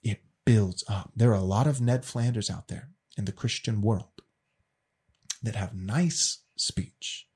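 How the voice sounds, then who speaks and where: A man's voice: lowish voice, measured pace, a little mellow, husky. A man casually explaining a faith question as a teacher, earnest and often repeating words as he restarts.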